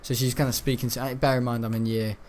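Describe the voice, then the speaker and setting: Teen lad chatting over a game, rambly and grumbly, bit of faint hiss behind. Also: male voice, mid-range voice, flat delivery, fast talker, a little mellow. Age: teens. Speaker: gaming channel host. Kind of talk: casual gameplay commentary.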